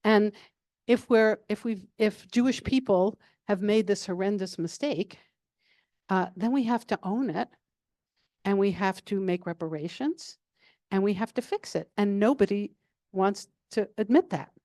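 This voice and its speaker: An older woman answering questions in a calm, even, conversational way, with plenty of "um" and "you know." Her voice is mellow and warm, and the sound is close and dry, with no room around it. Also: mid-range voice, measured pace, dry recording. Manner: calm, level, chatty with many fillers. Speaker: guest speaker. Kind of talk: casual Q&A answers.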